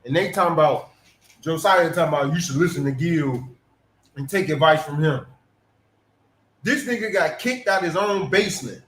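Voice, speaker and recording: A man co-hosting, giving relaxed casual commentary and chiming in. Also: a little high, normal speed, long pauses. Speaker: co-host. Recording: echoey room, faint noise.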